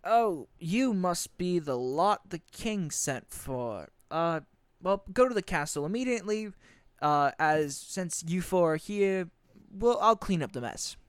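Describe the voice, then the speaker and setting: A man voicing a brisk, polite captain of the royal guard who hurries through his orders with little hesitations. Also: high voice, expressive, smooth, no room sound.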